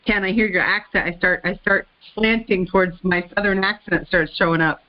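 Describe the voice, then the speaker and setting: A woman's voice: medium pitch, steady tone, brisk, dry recording, dull audio. A woman hosting a casual group call, rambling and laughing as she talks about growing up in the South. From American South. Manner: chatty, rambling, laughs often. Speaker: host.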